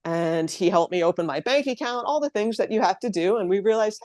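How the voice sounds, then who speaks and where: A woman's voice: mid-range voice, a little fast, a little mellow, dry recording, clean studio sound. A woman in her thirties from New Jersey, a blogger telling her story in a casual interview as a chatty, open guest. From New Jersey, USA. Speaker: guest, living-abroad blogger.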